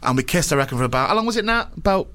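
A man hosting a radio show, telling a rambling story in a deadpan, self-mocking way. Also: on the high side, rapid-fire. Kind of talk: comic storytelling chat.

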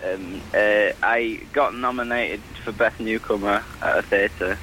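A man calling in to a radio show, hesitant and halting. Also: on the low side, pushed and bright, slight background noise, low-quality recording. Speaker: caller. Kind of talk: casual radio call.

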